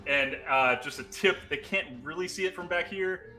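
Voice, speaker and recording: Man, co-host, bright clear tone, slightly higher voice, casual stream banter, faint music behind. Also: normal speed. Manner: upbeat, calling out challenges and reading chat.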